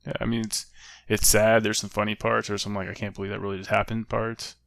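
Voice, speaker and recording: A man co-hosting a podcast, relaxed and joking in casual chat. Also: lowish voice, fast, creaky. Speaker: podcast co-host.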